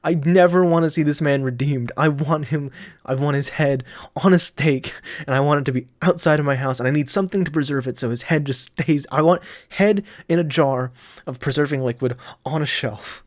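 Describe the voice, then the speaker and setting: A man's voice: a little high, fairly quick. A man reacting to manga chapters, emotional and profane, laughing through his frustration. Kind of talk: casual reaction commentary.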